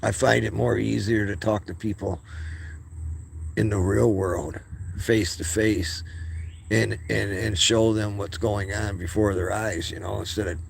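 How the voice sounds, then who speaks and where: A man's voice: fairly low pitch, fairly even intonation, measured pace, vocal fry, a little hiss or hum. A man hosting his own video channel, speaking in a heated, profane monologue and often stumbling and restarting his words. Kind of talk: casual ranting monologue.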